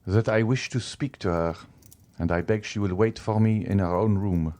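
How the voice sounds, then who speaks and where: A man's voice: on the low side, fairly even intonation, normal speed, dark tone, lightly acted. A man voicing a grim, tormented magistrate who speaks in short, clipped commands in an audiobook. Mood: cold, curt.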